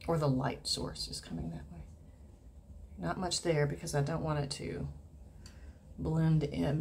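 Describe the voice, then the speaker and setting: A woman talks her way through a relaxed watercolor lesson in a lowish voice with a gravelly edge. She chats and thinks aloud as she works. Her voice often sinks to a quiet murmur while she paints, and there is a faint hum behind her. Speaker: watercolor instructor. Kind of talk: casual painting tutorial.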